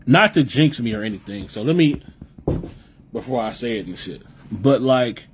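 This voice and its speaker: A young Midwestern American man hosts a live podcast, reading the chat and talking loosely and profanely with viewers, repeating himself as he rambles. His mid-range voice is animated and moves at a moderate pace over slight background noise.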